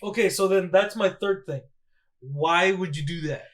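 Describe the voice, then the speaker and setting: A man's voice: high voice, moderate pace, a bit bright. A young man co-hosting a podcast, telling stories in a casual, swearing style. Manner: laid-back storyteller, swears, mimics people in quotes. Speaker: podcast co-host. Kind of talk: casual chat.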